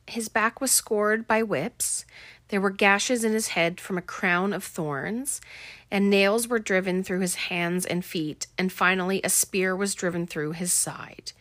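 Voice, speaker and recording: A woman's voice: medium pitch, unhurried, fairly bright tone, dry recording. A young woman casually recapping a film, chatty and full of fillers.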